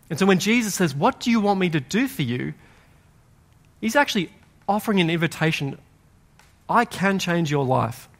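A man preaching a sermon in a conversational, animated way, acting out quoted voices in a louder tone. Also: a little high. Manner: animated storytelling, acts out quoted voices loudly; conversational, uses "like" often. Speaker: pastor.

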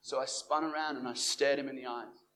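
With a mid-range voice and a brisk delivery, plus a little hiss or hum, a young Christian evangelist tells his personal faith testimony. He's animated, acting out the dialogue he quotes.

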